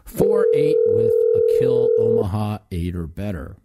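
A man's voice: fairly low pitch, big pitch swings, unhurried, heavy background noise. A man hosting a call-in talk show, ranting profanely and animatedly about sports. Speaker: host.

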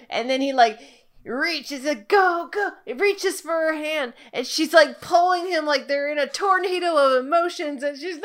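A woman's voice: sits high, animated, normal speed, fairly bright tone. A woman co-hosting a casual TV recap chat, wry and critical. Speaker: podcast co-host.

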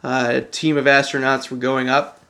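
A man's voice: mid-range voice, level tone, moderate pace, pushed and bright. A man, rambling loosely and swearing casually in a casual podcast chat.

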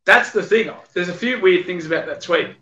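A man's voice: sits high, normal speed, sharp tone, muffled recording. A man co-hosting a podcast, giving blunt, opinionated takes in casual banter. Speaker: podcast co-host. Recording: roomy echo.

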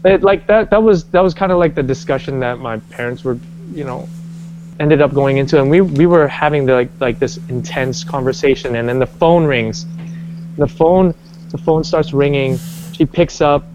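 A man telling personal stories in casual conversation, animated, with many restarts and acted-out quotes. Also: on the high side, moderate pace, noisy background. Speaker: guest. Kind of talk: casual storytelling. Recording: dull lo-fi sound.

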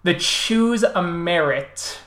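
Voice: mid-range voice, animated, very slow, fairly bright tone. A podcast host in casual chat about tabletop games, telling stories with frequent laughter. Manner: storytelling, laughs often. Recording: roomy echo.

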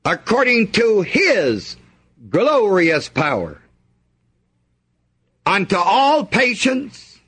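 A man's voice: high-pitched, fairly bright tone, husky. A man preaching a sermon, reading scripture aloud and asking the congregation to fill in the missing words.

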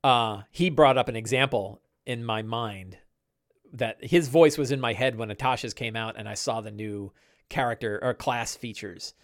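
A middle-aged man hosting a casual live-stream chat, rambling and animated, with many fillers and restarts. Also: medium pitch, normal speed, no room sound, clean studio sound. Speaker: podcast host.

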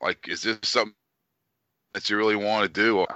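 A man's voice: lowish voice, brisk, clear, resonant tone, no room sound, lo-fi sound. A man telling stories casually, swearing constantly and acting out what people said. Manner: animated, swears constantly, acts out quotes. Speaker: podcast co-host. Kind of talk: casual profane storytelling.

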